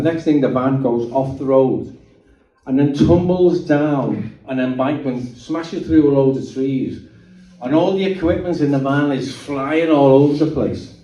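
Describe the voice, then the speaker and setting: Dark-voiced man telling his story. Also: mid-range voice. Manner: chatty, checks in with the audience, frequent restarts. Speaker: guest speaker giving a testimony. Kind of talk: personal testimony storytelling. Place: meeting hall. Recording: roomy hall, distant mic, dull sound.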